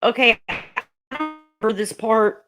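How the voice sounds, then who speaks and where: A woman's voice: a little high, little pitch movement, takes it slowly, bright, forceful tone, soft background music. A woman hosting a casual livestream, chatting with viewers and her dogs, swearing often and breaking into laughter. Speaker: livestream host.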